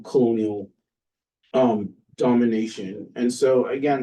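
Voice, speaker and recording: Male professor, conversational lecture, mellow tone, mic set well back. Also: mid-range voice, distant mic, rough recording. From Canada. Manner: conversational, with frequent "um" and "uh" pauses. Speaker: political science professor giving a book talk. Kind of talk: academic lecture. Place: lecture room with an audience.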